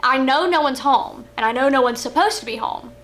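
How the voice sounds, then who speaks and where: A young adult woman co-hosting a vlog, telling stories in an animated, chatty way. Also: high-pitched, brisk. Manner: animated, chatty, with fillers and giggles. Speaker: vlog co-host. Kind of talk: casual storytelling chat. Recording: faint background noise.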